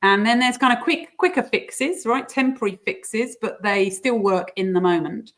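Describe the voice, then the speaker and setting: A woman explaining coaching techniques in a casual interview, sometimes putting on squeaky voices for examples. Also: normal speed, fairly bright tone. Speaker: guest coach.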